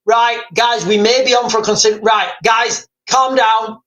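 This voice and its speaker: A man's voice: extremely high pitch, fairly even intonation, bright, forceful tone, low-quality recording. A man hosting a livestream, ranting and rambling with emphatic repetition. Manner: rambling, fast and emphatic, repeating himself. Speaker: livestream host.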